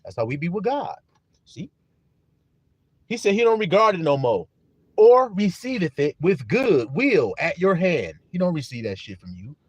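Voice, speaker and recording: Animated high-voiced male preacher. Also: breathy edge, no room sound. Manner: animated, profane and emphatic. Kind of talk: sermon.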